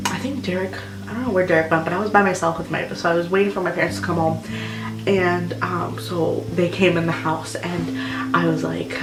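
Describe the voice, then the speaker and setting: A woman's voice: fairly low pitch, steady tone, fairly quick, far from the mic. Chatty young woman in an echoey room. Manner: chatty and rambling, full of "like" and "um". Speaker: vlogger. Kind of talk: casual personal storytelling. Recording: roomy echo with music behind.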